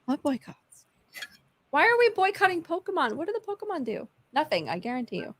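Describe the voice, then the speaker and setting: Bubbly, high-voiced woman remote guest. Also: sing-song, fairly quick, a bit bright, slight background noise. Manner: bubbly, giggly. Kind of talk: casual chat.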